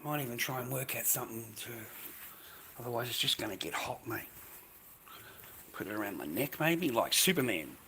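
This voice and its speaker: A man's voice: mid-range voice, expressive, moderate pace, pauses often, very noisy. An Australian man chatting casually on a livestream from his kitchen at home, rambling and swearing freely while calling viewers mate and bro.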